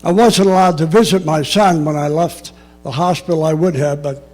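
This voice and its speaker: An older man giving a personal storytelling talk, measured and reflective, with dry asides. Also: on the high side, darkish tone. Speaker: public speaker.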